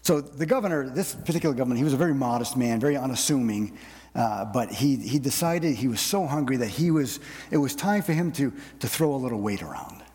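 A man's voice: mid-range voice, lively intonation, darkish tone. Pastor guy preaching, stumbles and repeats himself a lot, long church reverb. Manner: halting, with frequent repeated words and fillers. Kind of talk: sermon. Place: church sanctuary.

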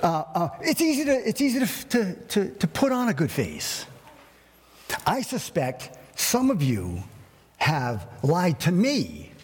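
A male pastor preaching a sermon in an animated way, acting out everyday scenes with humor. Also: high voice, measured pace, slightly rough, in a large hall.

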